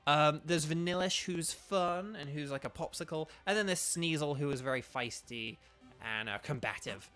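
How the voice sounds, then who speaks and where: Bright-voiced man chatting while gaming. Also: a little high, moderate pace, faint music behind. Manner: rambling, lots of fillers and restarts. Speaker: streamer and voice actor. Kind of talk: casual gameplay commentary to live chat.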